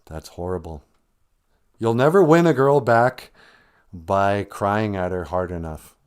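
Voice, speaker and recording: A man's voice: lowish voice, animated, a little slow, smooth. A man hosting a livestream, giving humorous casual advice and laughing between lines. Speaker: livestream host and language teacher.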